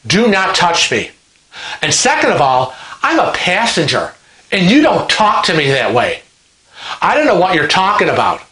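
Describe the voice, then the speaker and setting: A man's voice: high voice, wildly swooping pitch, moderate pace, pushed and bright, heavily acted. Man doing an indignant male passenger, stammering, defensive, roomy sound. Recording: roomy echo.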